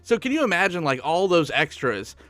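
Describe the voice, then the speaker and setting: A man's voice: a little high, big pitch swings, brisk, pushed and bright, dry recording. A man chatting casually about a film on a podcast, laughing easily. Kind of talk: casual chat.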